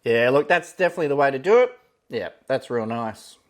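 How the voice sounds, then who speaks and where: A man reviewing ration food in a casual, relaxed commentary style. He thinks aloud as he tastes, often opening with "yeah, look" and pausing on fillers. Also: mid-range voice.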